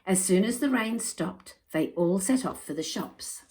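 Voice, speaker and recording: A woman reading a children's picture book aloud in an expressive, measured way. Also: mid-range voice. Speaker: storyteller.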